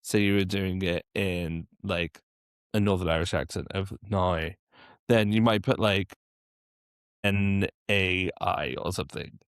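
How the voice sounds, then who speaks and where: A man's voice: sits low, fairly even intonation, a little slow, clear, resonant tone, no echo, studio quality. A man who works as a dialect coach, answering interview questions with practical, step-by-step advice. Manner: practical, encouraging, explains step by step.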